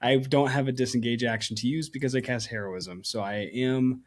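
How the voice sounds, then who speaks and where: A man with a mid-range voice plays a tabletop horror game. He narrates his character's actions with animated, joking energy and talks through his turn aloud. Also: medium pitch, normal speed. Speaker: player.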